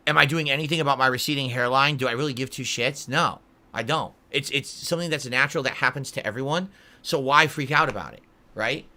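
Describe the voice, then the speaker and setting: A man's voice: mid-range voice, quick pace, pushed and bright. A man in his early forties answering live chat on a stream, blunt and easily irritated, calling viewers idiots. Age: 40s.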